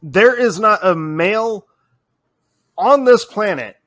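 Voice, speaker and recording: A man's voice: sits high, expressive, slow, fairly bright tone. A young man co-hosting a podcast, chatting casually, laughing often and acting out quotes. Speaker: podcast co-host. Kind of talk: casual chat.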